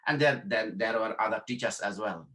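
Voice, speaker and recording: Guy from bangladesh teaching a workshop, bright forceful voice, repeats himself a lot, keeps saying okay. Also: fairly low pitch, moderate pace, poor audio. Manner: repeats phrases, asks "okay?" to check understanding; acts out quoted dialogue in softer voice. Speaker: workshop instructor. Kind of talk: informal teaching talk.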